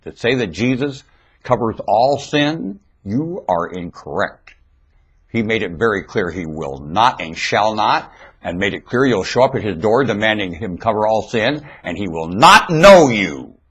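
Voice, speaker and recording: Emphatic husky man preaching to a webcam. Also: lowish voice, big pitch swings, a little slow, poor audio. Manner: emphatic, swings between loud and hushed. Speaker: webcam commentator. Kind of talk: preachy monologue. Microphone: webcam microphone.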